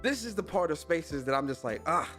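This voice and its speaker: A man hosting a gaming show, telling a story in a casual, animated rant full of swearing and mocking impressions. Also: fairly high pitch, fairly quick, faint music behind. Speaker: gaming podcast host.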